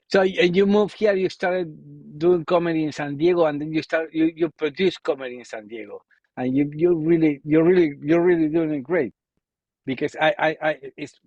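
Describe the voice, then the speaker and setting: A man's voice: fairly high pitch, a little mellow, dry recording. Argentine man on a dull, dry recording. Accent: Argentine Spanish. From Buenos Aires, Argentina. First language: Spanish. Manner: conversational, asks leading questions with "isn't it?". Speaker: podcast host. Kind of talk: casual interview chat.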